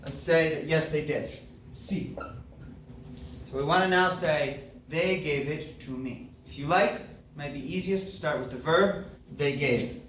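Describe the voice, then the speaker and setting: A man's voice: a little high, unhurried, a bit bright, a little hiss or hum. A man teaching Spanish grammar, explaining step by step and checking in with okay and right. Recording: echoey classroom, mic at a distance.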